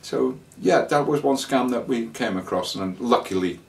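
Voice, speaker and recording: A man telling a casual travel anecdote, rambling and halting with fillers and restarts. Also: medium pitch, gravelly, far from the mic. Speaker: traveller sharing scam warnings.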